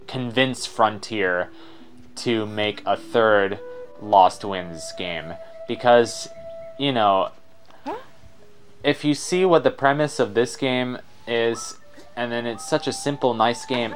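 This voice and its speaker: Rambling young man playing a game. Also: mid-range voice. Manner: rambling, self-deprecating. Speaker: let's player. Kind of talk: casual gameplay commentary.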